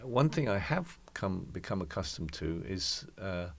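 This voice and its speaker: A man in his sixties speaks as an interview guest, his low voice carrying a gravelly rasp. He muses and tells stories at an easy, reflective pace. His talk wanders through memories in a thoughtful way. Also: very animated, unhurried. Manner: reflective, anecdotal storyteller. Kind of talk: conversational interview.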